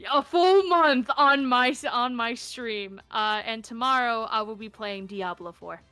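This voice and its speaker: A chatty woman rambles through a casual streamed interview, swearing freely along the way. Her voice is bright and slightly high, and it sits dry and close to the mic with faint music behind. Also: unhurried, clear, resonant tone, dry recording. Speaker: guest streamer.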